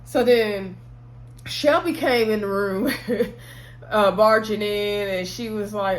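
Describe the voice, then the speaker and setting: A woman's voice: medium pitch, takes it slowly, slight background noise. A woman casually recapping a TV episode in chatty storytelling style, acting out what the characters said and laughing along. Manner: laughs often while telling. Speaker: TV episode reviewer.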